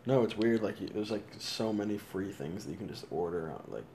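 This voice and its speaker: Gravelly low-voiced man, laid-back chat. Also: lively intonation, brisk, a little mellow, a little hiss or hum. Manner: laid-back, swears casually. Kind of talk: casual chat.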